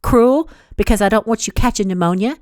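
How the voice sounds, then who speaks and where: A woman voicing a gruff young cowboy who speaks in a lowered, sneering voice during a storybook romance reading. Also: brisk, no room sound, clean studio sound, lightly acted.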